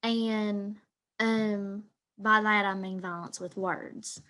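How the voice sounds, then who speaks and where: A teenage girl with an Eastern Kentucky accent, retelling a partner's story in first person, hesitant with frequent ums and pauses. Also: medium pitch, steady tone, sharp tone. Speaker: student storyteller.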